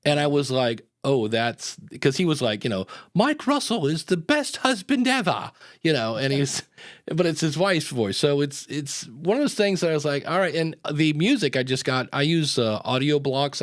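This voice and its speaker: A man's voice: medium pitch, normal speed, no echo. Brief: easygoing male podcast host, chatty and meandering, dry close recording. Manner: rambling, tangent-prone, many fillers. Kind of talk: casual live-show chat.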